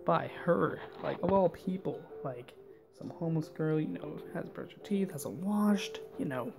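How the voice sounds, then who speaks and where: A young man telling a rambling, animated story while playing a game, full of fillers and asides. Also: a little high, a little slow, vocal fry, music in the background. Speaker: gaming channel host.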